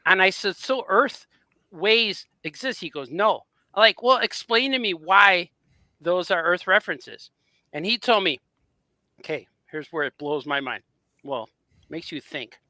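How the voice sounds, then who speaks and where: A man on a podcast telling a long story with animated energy, acting out both sides of a conversation. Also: high-pitched, normal speed, no room sound. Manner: animated storyteller, acts out quoted dialogue. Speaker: podcast host. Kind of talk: casual chat, storytelling.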